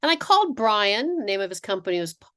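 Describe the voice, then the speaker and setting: A woman's voice: medium pitch, quick pace. Middle-aged woman giving a webinar talk. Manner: animated storytelling with acted-out quotes, frequent restarts. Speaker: dental practice consultant. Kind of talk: webinar presentation.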